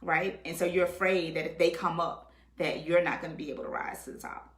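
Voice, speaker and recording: A woman with a lowish voice talks as a guest in an easygoing conversation. She talks in an animated way, acting out what others said and often asking "right?". The sound carries a roomy echo. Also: brisk. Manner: animated, acts out quotes, says "right?" often. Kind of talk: casual conversation.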